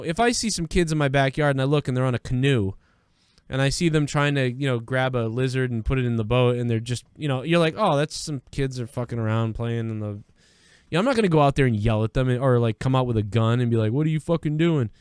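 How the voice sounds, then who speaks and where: A man's voice: mid-range voice, brisk, smooth, no room sound, clean studio sound. A man hosting a live news-reaction stream, talking in a rambling, profane, conversational way. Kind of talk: casual live-stream commentary.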